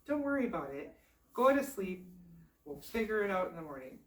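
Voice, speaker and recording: A woman voicing a calm, capable frog princess who soothes her husband with unbothered confidence. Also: medium pitch, brisk, roomy sound, distant mic, lightly acted. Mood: reassuring.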